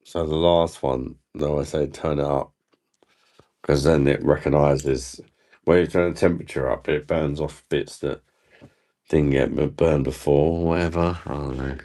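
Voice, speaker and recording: A man's voice: extremely low pitch, steady tone, normal speed, warm tone. A man from the UK chatting casually on a live stream, rambling and swearing as he answers viewers' comments. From United Kingdom.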